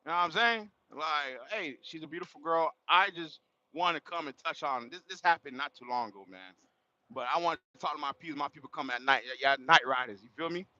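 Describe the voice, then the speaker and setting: Animated slangy man, bright lo-fi voice. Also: on the high side, fairly quick. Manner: animated, slangy, laughs and exclaims often. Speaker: livestream host. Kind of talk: casual storytelling to a livestream chat. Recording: dull lo-fi sound.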